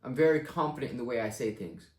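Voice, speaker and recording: A man's voice: medium pitch, animated, quick pace. A young man giving blunt life advice in a casual rant, confident and full of swearing. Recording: echoey room.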